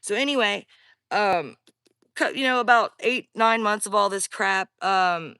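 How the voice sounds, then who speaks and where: A woman tells her own eerie story in a loose, rambling chat, speaking straight to her audience. Her voice is bright and forceful. The recording is close and dry. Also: medium pitch, a little slow, smooth, no echo. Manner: chatty, rambling, addresses viewers directly. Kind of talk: casual first-person storytelling.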